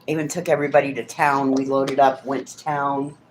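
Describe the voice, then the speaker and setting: A woman's voice: extremely low pitch, level tone, brisk, a little hiss or hum. A woman chatting casually on her livestream, telling stories and swearing freely. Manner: coos softly over a child's craft. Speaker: livestream host.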